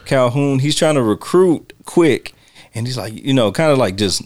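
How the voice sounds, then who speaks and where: A man's voice: mid-range voice, moderate pace, dry recording. A man hosting a podcast, chatting casually about a film and acting out its lines with laughs. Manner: animated, acts out movie quotes with laughs. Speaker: podcast host.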